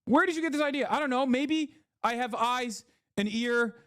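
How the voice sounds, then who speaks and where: A man's voice: fairly bright tone, clean tone. A man putting on a sarcastic voice, playing a condescending accuser who drags out his words. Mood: sarcastic mocking. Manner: sarcastic, drawn-out, high mocking tone. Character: sneering condescending mock accuser, adult male.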